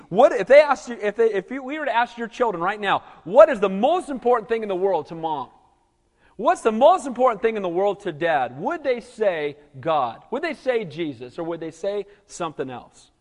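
High-voiced animated preacher in a hall. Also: male voice. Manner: animated, conversational preaching with frequent "Amen?" calls. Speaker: pastor. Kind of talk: sermon.

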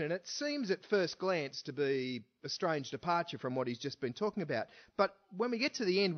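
A man preaching a sermon who speaks with emphasis and keeps asking his listeners rhetorical questions. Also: fairly high pitch. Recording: dull lo-fi recording.

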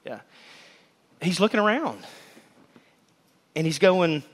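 A man preaching a sermon to his congregation in a lively, joking way. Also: sits high, takes it slowly. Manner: animated, joking preacher who addresses the congregation. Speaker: pastor. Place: church sanctuary. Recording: long hall reverb in a church.

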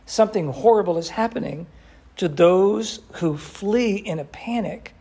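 A man leads a Bible study in a gravelly, husky voice. He quotes scripture with animation and keeps turning to his class with questions. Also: sits high, a little slow, mellow. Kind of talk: interactive Bible study teaching.

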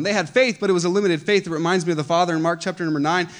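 A man preaching a sermon as pastor, impassioned and repeating phrases as he builds to loud emphatic peaks. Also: sits high, fairly even intonation, very fast.

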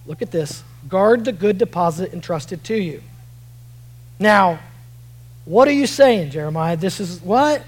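A man preaching a sermon, rising to shouts at moments of emphasis and dropping low while reading scripture, often repeating words and restarting phrases. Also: animated, unhurried, low-quality recording. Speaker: pastor.

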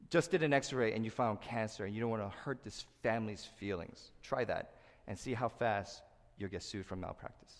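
A middle-aged man preaching a sermon as pastor, who acts out quotes in loud high bursts and sinks to a soft low voice for serious points. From Korea. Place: church sanctuary. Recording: long hall reverb.

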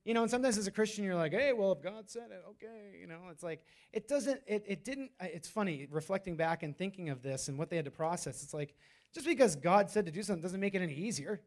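A man's voice: high voice, lively intonation, fast. A man preaching a sermon in a loose, conversational way, with many fillers and restarts. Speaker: pastor.

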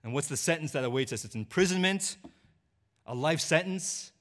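A man preaching a sermon, dropping to a hushed, low delivery and rising to a pleading voice when he voices a sinner's confession. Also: lively intonation, moderate pace. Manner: swings from hushed low delivery to raised, pleading voice in quoted lines.

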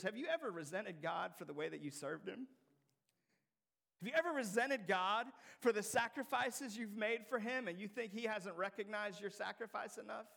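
A young man with a high, gravelly voice delivers a sermon. He swings between quiet, hushed lines and loud, emphatic climbs as he preaches. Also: fairly quick. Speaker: pastor.

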